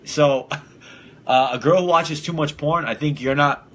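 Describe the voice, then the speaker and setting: Young male podcast host, bright and brash, profane, chuckles at his own lines, faint room noise behind. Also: on the high side, measured pace. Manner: blunt and profane, laughs at his own jokes. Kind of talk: casual solo podcast rant.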